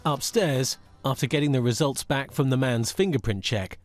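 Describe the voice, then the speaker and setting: A man's voice: mid-range voice, moderate pace, faint music behind. A man giving a dry, wry scripted documentary voice-over. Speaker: documentary narrator. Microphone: studio mic.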